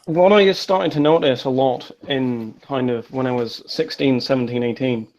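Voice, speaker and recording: Gravelly twenty-year-old man with opinions. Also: mid-range voice, normal speed, darkish tone, muffled recording. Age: 20s. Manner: persistent, keeps trying to cut in, opinionated. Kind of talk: casual group chat.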